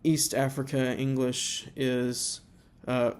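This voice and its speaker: A man giving an informal slideshow presentation, halting with many fillers and slowing down to sound out example words. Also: medium pitch, little pitch movement, clear, resonant tone.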